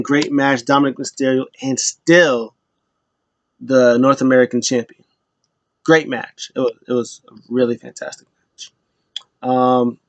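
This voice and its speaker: A man's voice: mid-range voice, dry recording, highs cut off. A man giving a casual, rambling wrestling recap and acting out what people said. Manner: loose, rambling retelling that acts out quotes.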